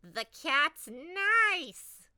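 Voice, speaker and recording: A woman's voice: very animated, extremely slow, pushed and bright, no echo, clean studio sound, full character voice. A woman voicing a mean, furious old witch who shrieks and cackles. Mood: shrieking. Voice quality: high screechy cackle.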